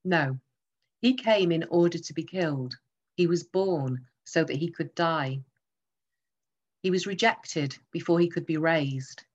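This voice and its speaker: A woman's voice: fairly low pitch, muffled recording. A woman preaching a sermon, emphatic and teaching through rhetorical questions.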